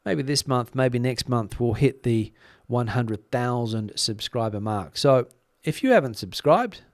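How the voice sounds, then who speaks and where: A man's voice: mid-range voice, expressive, measured pace, dry recording, studio quality. A man hosting a live stream, chatting casually with viewers, with frequent fillers and a slightly worn voice. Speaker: YouTube news channel host.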